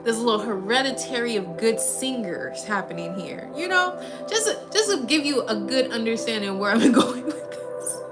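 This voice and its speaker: A young woman from the upper Midwest chats on a livestream, her voice sitting a touch high. She tells stories in an animated, slangy way and often breaks into laughter, with music playing clearly behind her. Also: normal speed. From Minnesota. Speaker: livestream host. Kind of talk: casual livestream chat.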